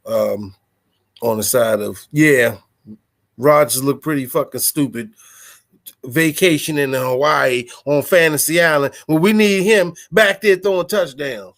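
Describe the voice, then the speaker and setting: A man's voice: fairly high pitch, a little slow, fairly bright tone. A man from the Washington DC area hosting a podcast in loose, profane, hyped-up casual chat. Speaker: podcast host.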